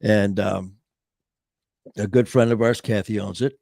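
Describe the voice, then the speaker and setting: A man's voice: on the low side, fairly even intonation, a little slow, creaky, a little mellow, dry recording. Casting: male talk host from Michigan, rambling and jokey, dry close studio mic. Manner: rambling, stop-start, jokey. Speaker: show host. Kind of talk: casual chat.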